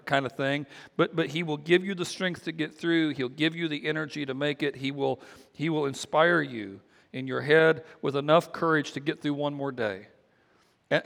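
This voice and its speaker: A man, a pastor, preaching a sermon in a relaxed conversational way, often restarting and repeating his words. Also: on the high side, vocal fry, in a large hall. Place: church sanctuary.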